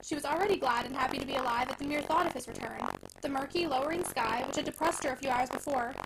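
Brisk woman narrator over static. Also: sits high, gravelly. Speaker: podcast host and reader. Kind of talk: reading a novel aloud. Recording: heavy static hiss.

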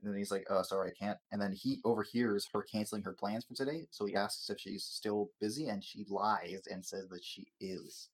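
A man's voice: lowish voice, fairly even intonation, normal speed, hardly any pauses, slightly rough. A man hosting a casual chat, rambling and swearing through a TV episode recap, stumbling over words and laughing.

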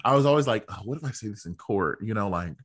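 A man's voice: on the low side, expressive, fast. A man chatting casually with a friend, playful and dramatic, stretching words out for emphasis. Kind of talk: casual chat.

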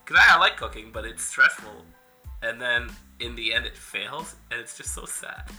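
A young man co-hosting a podcast in casual chat, joking and animated, often trailing off softly. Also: mid-range voice, moderate pace, soft background music. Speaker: podcast co-host.

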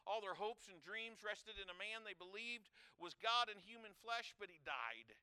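Male pastor, higher pitch, crisp voice, earnest sermon with humorous stories and asides. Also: lively intonation, normal speed, pushed and bright, dry recording. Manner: earnest, often repeats and restarts words; humorous storytelling with asides to the congregation.

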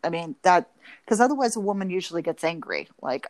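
A woman's voice: lowish voice, brisk, dry recording. A woman therapist talking animatedly in a podcast interview, acting out what spouses say. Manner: animated, acts out spouses' lines in quoted voices. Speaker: marriage and family therapist, guest.

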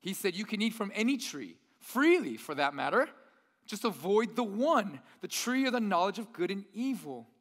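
A young male pastor delivers a relaxed, conversational sermon and slips into other voices to act out the tempter. His voice sits high for a man. The room carries a long church-hall reverb. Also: normal speed. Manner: conversational preaching, acts out tempter's voice.

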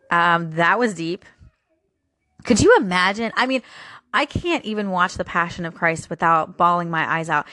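A woman with a fairly low voice hosts a daily encouragement show. She talks in a loose, chatty devotional way, full of fillers and heartfelt feeling. The sound is dry and close, with no room echo. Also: normal speed, bright, forceful tone. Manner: chatty and openly emotional, with frequent fillers. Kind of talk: casual devotional talk.

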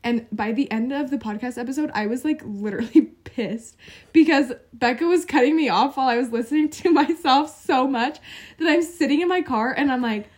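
A woman co-hosting a podcast in casual chat, soft-spoken and giggly, saying "like" often. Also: high voice, fairly quick. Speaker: podcast co-host.

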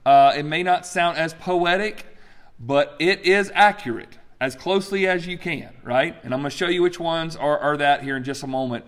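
A pastor teaching a sermon with slides, talking in an animated, emphatic way with frequent fillers and restarts. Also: male voice, on the high side, normal speed, big-room sound.

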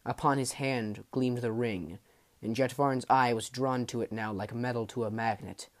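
A man narrating a fantasy audiobook in a measured, dramatic way, dropping low at the ends of phrases. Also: steady tone. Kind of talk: storybook narration.

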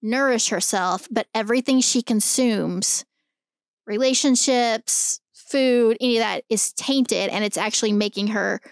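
A woman co-hosts a casual film podcast, her voice smooth and clear in a dry, close recording. She talks emphatically and swears freely as she works through her points. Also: fairly high pitch, measured pace, no room sound. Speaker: podcast co-host.

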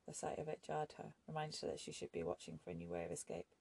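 A woman narrating an audiobook in a measured, even storytelling manner. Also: sits low, vocal fry, slightly rough.

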